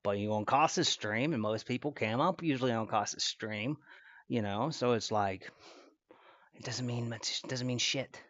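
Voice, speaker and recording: A man's voice: mid-range voice, normal speed, a bit bright, no echo, lo-fi sound. A man streaming from his computer, talking casually in a rambling, profane, trash-talking way. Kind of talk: casual live-stream reaction. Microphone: computer mic at desk.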